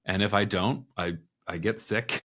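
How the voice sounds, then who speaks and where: A man's voice: on the low side, a little slow, a little hiss or hum. Man telling a candid personal story. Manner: candid, animated retelling with quoted inner dialogue. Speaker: podcast guest.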